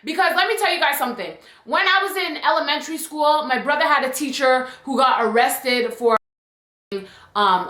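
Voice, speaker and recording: A young woman telling a personal story on her vlog, animated and emphatic, often adding "like" and "okay?", in an echoey room. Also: high voice. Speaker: YouTube storyteller.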